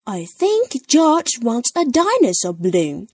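Woman reading as a polite rabbit shop lady, matter-of-fact, slow and a bit high. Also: wildly swooping pitch, slightly rough, dry recording, far from the mic, exaggerated voice. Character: friendly female rabbit shopkeeper.

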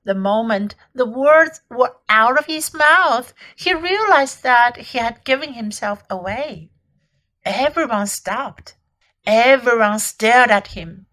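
Woman teacher, reads novels aloud for learners; high voice, slow and measured. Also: lively intonation, bright, forceful tone, poor audio. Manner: clear, measured storytelling. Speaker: English teacher.

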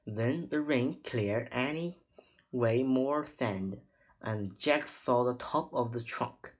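A reader slowly reading a children's chapter book aloud, stumbling over words now and then. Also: mid-range voice, poor audio. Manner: slow, halting reading with slips.

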